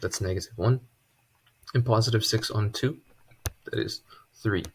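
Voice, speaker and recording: A man teaching a casual math lesson at a board, relaxed and chatty, with joking asides. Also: on the low side, measured pace, vocal fry, slight background noise. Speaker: math tutor.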